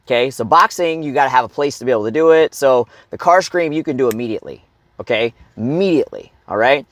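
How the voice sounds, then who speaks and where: A man's voice: medium pitch, fast, no room sound. Blunt, profane man coaching, dry sound. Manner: blunt and profane, keeps checking in with "okay?"; bursts into loud shouts and grunts to demonstrate. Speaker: fitness and life coach. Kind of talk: motivational coaching monologue.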